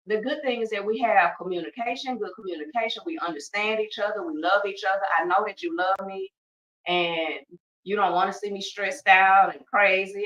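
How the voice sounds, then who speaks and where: A bright, forceful woman of middle age talks to her podcast listeners in a colloquial, emphatic way and breaks in with joking asides. Her voice sits a little back from the mic. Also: on the high side, distant mic, muffled recording. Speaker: podcast host. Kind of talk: casual heartfelt talk.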